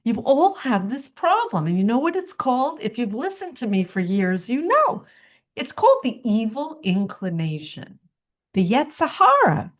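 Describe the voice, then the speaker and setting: A woman's voice: on the high side, wildly swooping pitch, moderate pace. A woman hosting a religious podcast, lecturing her listeners with rhetorical questions and teasing asides. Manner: teasing, chuckles at own remarks. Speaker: podcast host. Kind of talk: religious commentary monologue.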